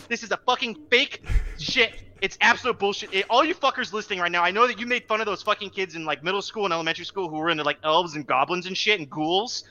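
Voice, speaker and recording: Fast, heated ranting young man. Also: high voice, pushed and bright, lo-fi sound. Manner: exasperated, profane, heated ranting. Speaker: podcast co-host. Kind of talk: ranting casual chat.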